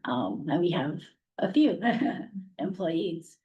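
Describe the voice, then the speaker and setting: Preschool director lady, hoarse, kinda low voice, chatty and earnest, mic a bit far away. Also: big pitch swings, slow, muffled recording. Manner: earnest, chatty, laughs lightly. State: losing her voice. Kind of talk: public comment at a meeting. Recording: distant mic.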